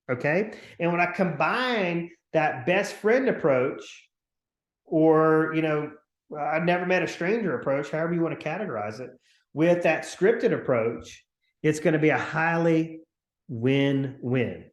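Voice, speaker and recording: A man coaching real estate agents on a video call, talking in an energetic, chatty way and acting out upbeat phone calls. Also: fairly high pitch, reverberant. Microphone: computer mic on a video call.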